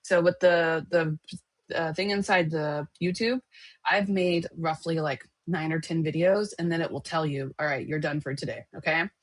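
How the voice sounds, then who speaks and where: A woman's voice: sits low, fairly even intonation, moderate pace, no room sound. A woman teaching a casual screen-share tutorial, chatty and often checking in with her listeners. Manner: chatty, checks in with "okay?" and "right?". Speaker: online course teacher.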